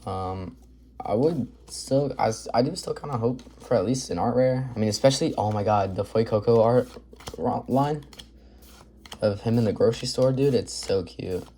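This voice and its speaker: A man with a mid-range, mellow voice speaks at normal speed over a slight hiss or hum. He hosts a casual card-opening video, upbeat and chatty, calling out card names as he goes through the packs.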